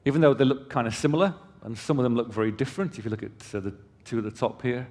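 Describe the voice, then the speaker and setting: Rapid-fire and mid-range with a darkish tone, a man's voice carries a company conference presentation from the hall stage. He keeps his explanations conversational, throwing in casual asides to the audience, and a long hall reverb trails the sound.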